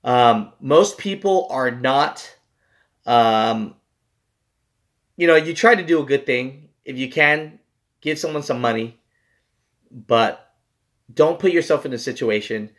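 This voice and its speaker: Taking it slowly and pausing often, this young trucker rambles through a story for his channel's viewers, cursing freely and leaning on "like" and "you know." His medium-pitched voice is animated and a bit bright.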